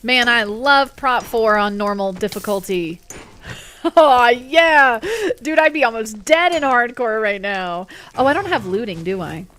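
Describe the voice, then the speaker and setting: Playful chatty woman streamer, lively pitch. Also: normal speed. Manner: playful, chatty, talks to herself and to chat. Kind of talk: casual live-stream chat while gaming.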